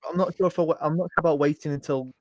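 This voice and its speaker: A man's voice: a little high, fairly even intonation, very fast, darkish tone, dry recording, studio quality. A man playing in a tabletop game over a voice call, thinking aloud with many ums and trailing restarts. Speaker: player. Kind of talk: casual tabletop game chat. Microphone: home microphone on a voice call.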